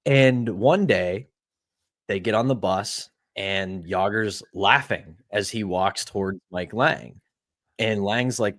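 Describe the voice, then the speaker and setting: A man's voice: lowish voice, takes it slowly, dry recording, studio quality. A man from Pittsburgh co-hosting a sports podcast, telling an anecdote in a casual, storytelling way. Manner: storytelling, animated retelling of anecdotes. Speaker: podcast co-host.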